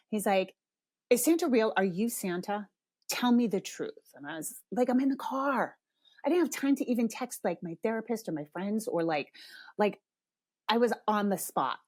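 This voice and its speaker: Frank, lively woman podcast host. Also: mid-range voice, no echo, clean studio sound. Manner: animated, drops to hushed whispers for asides; frank, swears freely. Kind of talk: casual storytelling.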